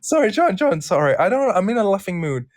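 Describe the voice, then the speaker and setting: A British man hosting a casual online chat, playful and quick to laugh. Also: sits high, no room sound, clean studio sound. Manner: animated, laughs often, playful. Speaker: host.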